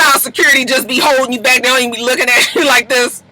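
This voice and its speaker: A reviewer giving a casual, gossipy recap of a reality show, with animated delivery and laughing asides. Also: high-pitched, rapid-fire, very noisy.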